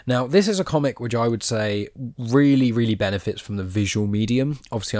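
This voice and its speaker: A man's voice: lowish voice, no echo, clean studio sound. A man hosting a podcast, casually retelling a comic's plot and reading its dialogue without doing voices. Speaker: podcast host.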